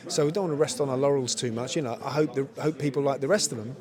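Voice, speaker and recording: A man's voice: mid-range voice, very fast, crowd noise. A man in his fifties, a lead actor chatting casually in an interview, rambling and full of "you know" and laughter. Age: 50s. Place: busy event venue at a screening.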